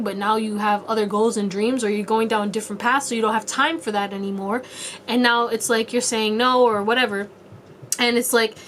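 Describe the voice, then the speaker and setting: Speaking in a slightly high voice, a young tarot reader chats her way through a casual pick-a-card reading. She rambles and tosses in playful asides, and there's slight background noise.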